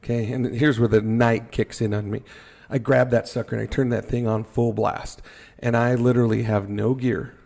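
A man telling a firefighting story in a casual podcast chat, animated and joking at his own expense. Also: mid-range voice, normal speed, vocal fry. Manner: animated, acts out his own panicked thoughts, jokes at himself.

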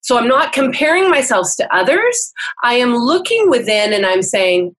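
A woman's voice: on the high side, very animated, moderate pace, a bit bright, rough recording. A woman counselor and teacher, a guest on a video call, explaining things in an earnest, instructive way and often asking "right?". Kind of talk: explanatory interview talk.

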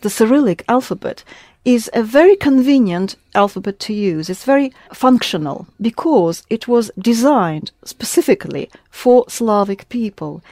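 A woman's voice: a little high, darkish tone, dry recording, studio quality. Patient woman teacher. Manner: patient, explanatory, prompting the student with questions. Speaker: Russian language teacher. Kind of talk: one-on-one language lesson.

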